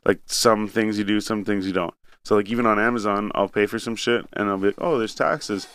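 A man's voice: on the low side, level tone, fast, fairly bright tone, slight background noise. A young man from Canada in casual chat, telling a rambling, profane story with acted-out asides.

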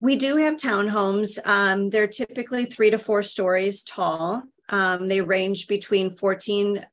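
A woman's voice: medium pitch, fairly even intonation, unhurried, a bit bright. A woman real estate agent talking casually, explaining the market with lots of "you know" fillers. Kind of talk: casual panel conversation.

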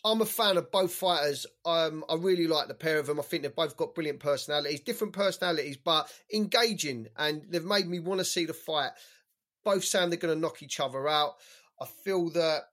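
A man giving a measured, enthusiastic boxing prediction in casual chat. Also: a little high, fairly bright tone. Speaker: boxing pundit.

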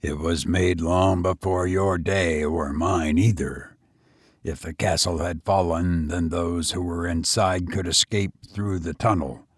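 A man reading aloud and voicing a cautious, crafty male castle jailer who speaks in a quiet, measured way. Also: deep voice, fairly even intonation, breathy edge, no room sound, studio quality, pitched below the performer's own voice. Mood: sly.

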